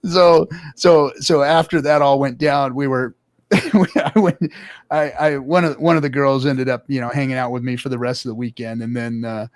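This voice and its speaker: A man telling a long story in casual chat, profane and animated, acting out the people he quotes. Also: mid-range voice, normal speed, dry recording. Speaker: show regular.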